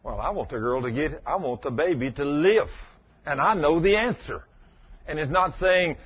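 A man preaching a sermon, telling stories in a fervent, animated way with a husky voice. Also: fairly high pitch, moderate pace, dull audio.

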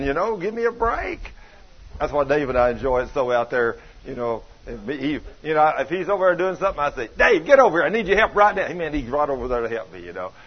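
An older man preaching a folksy sermon, telling stories with chuckles and plain colloquial grammar, with a husky voice. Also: fairly high pitch. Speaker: pastor. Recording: dull lo-fi sound.

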